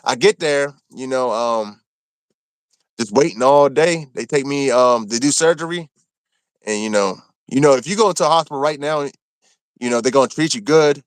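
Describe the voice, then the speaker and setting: A man from Maryland telling a rough story from his time in prison, cursing freely and acting out what people said. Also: medium pitch, normal speed, no room sound. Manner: animated, profane, acts out quotes. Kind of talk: casual storytelling.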